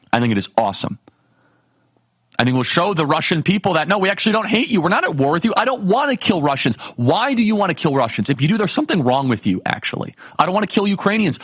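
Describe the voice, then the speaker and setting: Male political talk host, emphatic, fairly high voice, dry close sound. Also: quick pace, breathy edge, no room sound. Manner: emphatic, rhetorical questions, animated. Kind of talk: fiery political commentary monologue.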